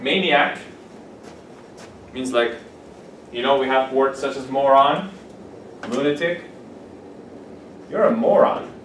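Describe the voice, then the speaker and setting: Male teacher, classroom lesson, animated, playful, roomy echo, distant mic, faint hiss. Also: medium pitch, takes it slowly, long pauses. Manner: animated, playful, acts out examples. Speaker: English teacher. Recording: echoey room from far off, faint noise.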